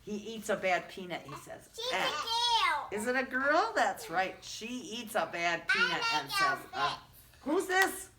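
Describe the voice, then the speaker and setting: A woman's voice: mid-range voice, very animated, moderate pace, few pauses. Sing-song woman teaching preschool. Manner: sing-song, coaxing, prompting children with questions; speaks through a face mask. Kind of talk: classroom phonics lesson for small children. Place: classroom. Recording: loud noisy classroom recording.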